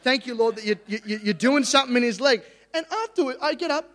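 High-voiced preacher in a reverberant hall. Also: male voice, quick pace. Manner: energetic, jokey, excitable preaching. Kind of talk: sermon.

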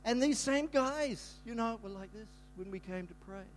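An older man, a pastor, telling a rambling, animated story in a sermon, breaking into sudden shouts. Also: very high-pitched, normal speed, slight background noise.

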